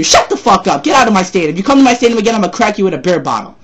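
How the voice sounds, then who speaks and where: A man ranting loudly and profanely about sports, repeating himself, his voice a little sore from yelling. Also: high-pitched, big pitch swings, rapid-fire, slight background noise. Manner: loud, profane, repetitive ranting. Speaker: sports ranter. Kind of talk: angry sports rant vlog.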